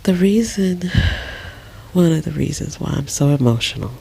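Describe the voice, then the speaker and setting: A middle-aged woman lying in bed in a dark bedroom, talking slowly and emotionally in a soft, often half-whispered voice. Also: deep voice, animated, gravelly, slightly rough. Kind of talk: casual personal vlog.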